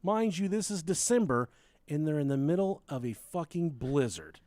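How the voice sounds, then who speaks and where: This podcast host's voice is a little high and darkish, with a sing-song lilt at normal speed and no echo. He tells a true crime case casually, cracking jokes, cursing, and doing silly voices for the people he quotes.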